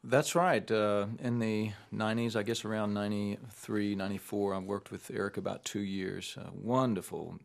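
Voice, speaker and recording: A man, a guest musician, telling a story in a relaxed, unhurried way, full of fillers and restarts. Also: fairly low pitch, vocal fry.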